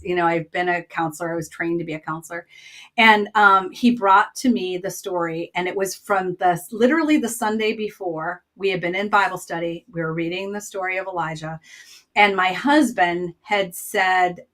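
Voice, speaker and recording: Chatty woman telling a personal story. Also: lowish voice. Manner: chatty and expressive, many "like" and "um" asides. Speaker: podcast guest, trained counselor. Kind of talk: personal storytelling in a casual interview.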